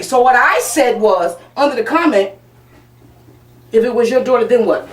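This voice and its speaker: A woman hosting a casual panel talk show, loud, brash and profane, laughing often. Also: on the high side, expressive, moderate pace, long pauses. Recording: echoey room, mic far off.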